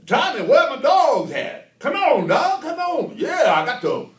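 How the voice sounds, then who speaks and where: A man putting on a brash, shouting man who talks in old-fashioned slang. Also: very high voice, huge pitch swings, pitched above the performer's own voice, full character voice. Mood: rowdy. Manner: shouting, drawn-out. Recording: roomy, distant mic.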